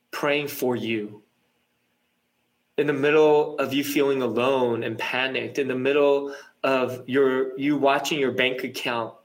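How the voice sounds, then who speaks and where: A man delivers a reflective sermon at an unhurried pace. His voice sits slightly high, and he often restarts phrases and repeats words as he works through a thought. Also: fairly bright tone. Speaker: pastor. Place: apartment.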